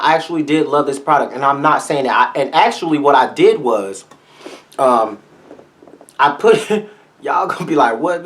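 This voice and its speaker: A man with a slightly high voice gives a makeup review vlog. He is sassy and flamboyant, with a salty edge, and talks straight to his viewers. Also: a bit bright. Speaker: beauty vlogger.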